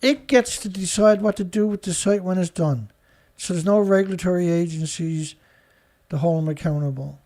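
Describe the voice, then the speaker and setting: A man from Canada with a high voice and a dark tone reads news stories at normal speed on his solo commentary show. He reacts with sarcasm and indignation and laughs frequently, speaking into a studio mic.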